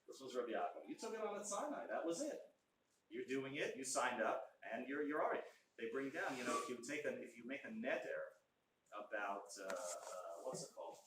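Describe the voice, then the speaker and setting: Animated man speaking in an echoey hall. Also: mid-range voice, brisk. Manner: animated, conversational, acts out quotes. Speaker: speaker at a memorial gathering. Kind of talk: memorial talk with Torah teaching. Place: yeshiva hall. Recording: very echoey hall, mic far off, faint noise.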